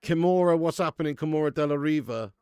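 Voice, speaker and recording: A man's voice: a little high, fast talker, a little mellow, clear, resonant tone, dry recording, clean studio sound. A man hosting a live football watch-along stream, chatting laddishly with viewers and laughing often. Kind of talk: live stream chat and match commentary.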